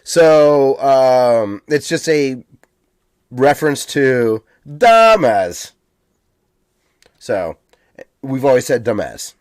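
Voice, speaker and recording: This American co-host takes it slowly, his medium-pitched voice smooth and darkish, recorded in studio quality with no room sound. He rambles through casual podcast chat with frequent ums.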